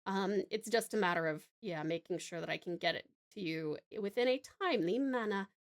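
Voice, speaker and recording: A woman's voice: mid-range voice, fairly quick. An Australian woman streamer chatting with viewers while she draws, gushing and calling them hun and darling. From Tasmania, Australia. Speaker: live streamer. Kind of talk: casual live-stream chat while drawing.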